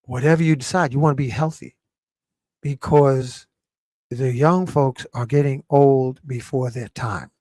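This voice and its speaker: A man hosting a live talk show, lecturing in an emphatic, animated way. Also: mid-range voice, a little slow, dry recording. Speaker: show host.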